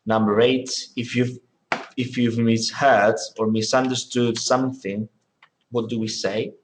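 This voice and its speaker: Man, English teacher, unhurried, roomy classroom echo. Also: medium pitch, steady tone, slight background noise. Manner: models pronunciation by repeating words, questioning students. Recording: echoey classroom.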